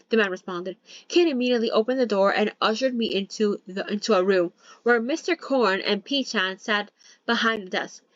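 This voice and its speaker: Young woman reading a novel aloud, casual, quick to joke and swear, dry muffled sound. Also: mid-range voice, no room sound. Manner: joking asides, swears, self-corrects. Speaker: novel reader. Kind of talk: casual novel read-along with commentary.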